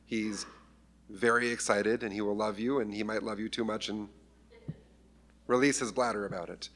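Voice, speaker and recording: A man's voice: fairly low pitch, fairly even intonation, normal speed, a bit bright. A man preaching a conversational sermon, acting out scripture voices with humor. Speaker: pastor.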